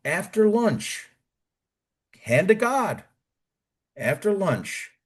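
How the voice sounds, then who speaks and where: The voice is high and husky, sing-song, with drawn-out words. He's a middle-aged American ex-Army Ranger being interviewed, casually spinning profane, colorful basic training stories and voicing other people's lines.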